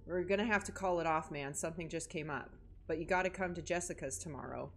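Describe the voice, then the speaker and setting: A woman's voice: on the low side, brisk. A young woman hosting a horror game playthrough, joking and reacting dramatically as she plays. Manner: jokey, dramatic, talks to herself and the game. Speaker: gaming video host.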